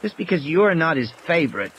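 A man's voice: fairly high pitch, very animated, brisk, a bit bright, dull audio, slight background noise, voice pushed up. A man voicing a bratty, stubborn little girl with a whining, sulky manner in an audiobook. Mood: whiny. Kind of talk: audiobook character voice.

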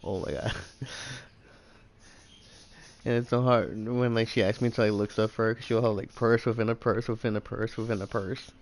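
A man streaming a video game, chatting casually in a rambling, halting way with many fillers. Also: medium pitch, flat delivery. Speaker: let's play streamer. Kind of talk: casual chat over gameplay.

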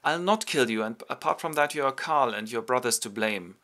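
A man's voice: medium pitch, expressive, fairly quick, pushed and bright. A man voicing a loyal old male servant who speaks in an earnest, hesitant way.

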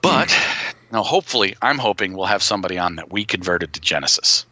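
A man co-hosting a relaxed podcast, his voice low but bright and sharp. He talks in a joking, rambling way, full of restarts, and his pitch swings widely. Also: fast. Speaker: podcast co-host. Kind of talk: casual podcast chat.

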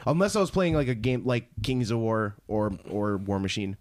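A man's voice: fairly low pitch, sing-song, normal speed, dry recording. A man co-hosting a gaming podcast in casual chat, blunt and opinionated, teasing his co-host.

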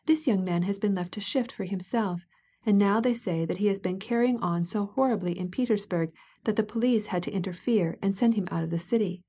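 A woman's voice: medium pitch, fairly quick, dark tone, slightly rough. A woman reader voicing a gossiping society lady who talks in scandalized, sarcastic exclamations. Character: gossiping indignant society lady, middle-aged.

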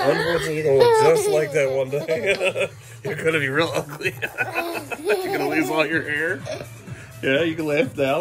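A man's voice: fairly high pitch, sing-song, moderate pace, over loud music. A man in his thirties, a father filming a casual family vlog at home, teasing and coaxing his young kids. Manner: playful teasing dad, coaxing and praising kids.

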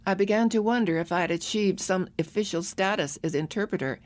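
A woman narrating a memoir audiobook in a measured, earnest way. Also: mid-range voice.

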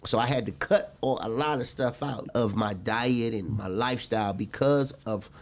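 A middle-aged man talking earnestly as a guest in a casual interview, reflective and quick to laugh. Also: mid-range voice.

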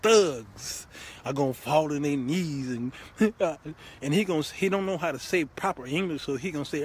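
A man hosting a show, giving comic relationship advice in an animated, laughing, preachy way. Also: fairly high pitch, moderate pace, breathy edge. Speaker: host. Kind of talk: comedic relationship advice monologue.

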